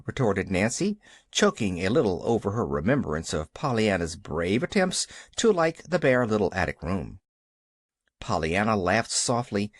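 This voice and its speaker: An audiobook narrator reading a storybook aloud in an expressive, animated way. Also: deep voice, normal speed, no echo, studio quality.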